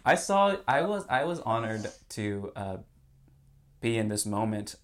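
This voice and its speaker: A man's voice: fairly low pitch, very animated, a little slow. A man chatting casually on a podcast, playful and rambling. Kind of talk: casual chat.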